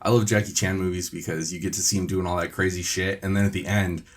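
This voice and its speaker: A man's voice: deep voice, flat delivery, quick pace. A man co-hosting a casual podcast, swearing freely as he retells scenes. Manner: profane, laughing storytelling. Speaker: podcast co-host. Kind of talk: casual chat.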